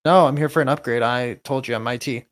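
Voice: mid-range voice, fast talker. A player in a tabletop role-playing game who talks in a playful, hesitant, rambling way.

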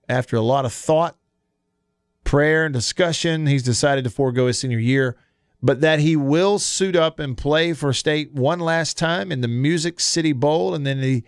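Male radio host, relaxed and conversational, close dry studio mic. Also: mid-range voice, smooth, dry recording. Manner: relaxed, chatty, laughs easily. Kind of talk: casual sports talk radio. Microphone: studio microphone.

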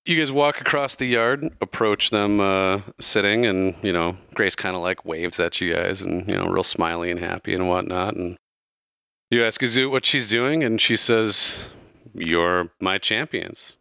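A man's voice: low-pitched, normal speed, creaky, pushed and bright, smooth, dry recording, clean studio sound. A man narrating a tabletop game as game master in a casual, loose way, with plenty of fillers.

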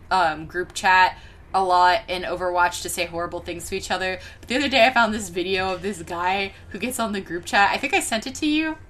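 A woman co-hosting a podcast, telling stories in a casual, animated way with laughter and casual swearing. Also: mid-range voice, slight background noise. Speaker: podcast co-host. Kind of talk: casual chat.

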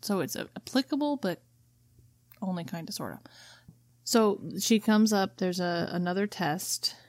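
A woman's voice: medium pitch, lively intonation, unhurried, dry recording. A woman co-hosting a book discussion podcast, reading passages aloud and explaining them in casual chat. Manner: reads quotes aloud then explains them plainly. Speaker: podcast co-host.

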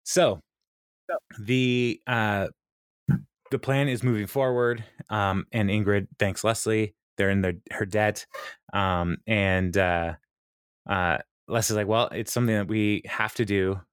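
A man with a fairly low voice recaps a sitcom episode for a podcast, chatting casually. He fills pauses with ums and uhs and laughs easily. The sound is close and dry, with no room around it. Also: steady tone, clean tone, no room sound. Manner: retells scenes with quoted lines, many fillers, laughs often. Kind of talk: casual chat.

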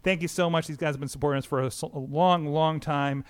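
A man's voice: a little high, steady tone, fast, clear, resonant tone. A man hosting a casual podcast chat, rambling with frequent restarts while reading a sponsor spot. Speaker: podcast host.

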